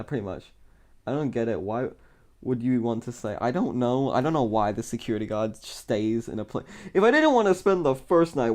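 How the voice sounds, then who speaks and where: A man's voice: mid-range voice, mellow. A man streaming live, rambling in casual commentary, mocking himself, laughing often and swearing.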